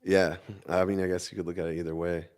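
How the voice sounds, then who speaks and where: A man's voice: deep voice, flat delivery, quick pace. A man in his thirties from the Midwest, chatting casually as a podcast co-host and telling army stories with frequent laughter. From Minnesota. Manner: laid-back storyteller, laughs often. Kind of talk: casual chat.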